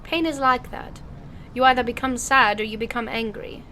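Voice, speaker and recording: A woman doing a solemn storyteller in a put-on British accent, high and bright voice, slow and grave reading. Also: a little hiss or hum.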